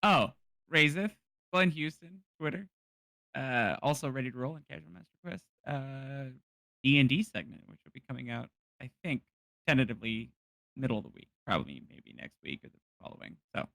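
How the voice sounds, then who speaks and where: A man on a casual podcast, loud and getting higher in pitch as he talks. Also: expressive, fairly quick, creaky, dry recording. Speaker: podcast regular.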